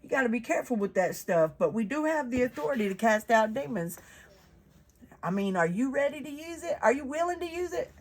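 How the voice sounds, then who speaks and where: A woman's voice: fairly high pitch, very animated, fairly quick. Folksy woman reflecting on scripture. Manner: chatty, folksy, earnest, many fillers. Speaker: Bible reading vlogger. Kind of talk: casual Bible reading and reflection.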